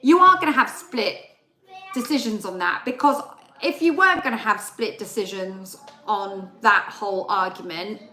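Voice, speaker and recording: A woman's voice: mid-range voice, normal speed, pushed and bright, reverberant. A young adult woman, chatting casually on a live stream and telling a story with re-enacted dialogue. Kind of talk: casual chat.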